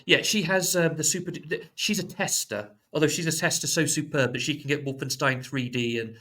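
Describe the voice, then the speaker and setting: A man who is a guest on a tech podcast, talking in a casual, animated way and making sarcastic jokes. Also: fairly high pitch, brisk. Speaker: podcast guest, software engineer.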